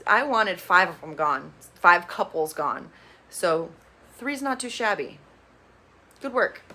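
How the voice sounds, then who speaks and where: A woman giving a casual, gossipy recap of a reality TV show, blunt and opinionated, swearing freely. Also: on the low side. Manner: chatty, gossipy storytelling with bursts of excitement.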